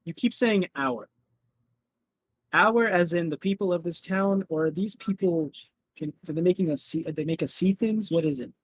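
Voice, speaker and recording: A man's voice: high voice, normal speed, slight background noise, poor audio. A man playing a tabletop game who asks questions and pleads in a hesitant way. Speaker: player. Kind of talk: tabletop play.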